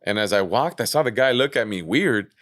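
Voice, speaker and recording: A man as a podcast guest, telling stories in a casual, animated way, peppered with "man" and "bro". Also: lowish voice, fairly quick, dry recording. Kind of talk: casual storytelling chat.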